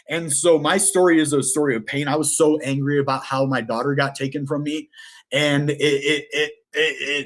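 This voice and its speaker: A middle-aged man speaking at an ordinary pitch as he tells a personal story in a vlog. He rambles, restarts and corrects himself. His tone stays earnest and heartfelt. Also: fairly bright tone. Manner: earnest and emotional. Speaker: vlogger telling his life story.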